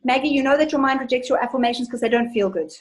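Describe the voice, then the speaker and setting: Chatty, upbeat woman coach, higher voice. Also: very fast, slight background noise, rough recording. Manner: enthusiastic, chatty, storytelling. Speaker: money coach hosting a webinar. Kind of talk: live webinar Q&A, reading out viewer questions.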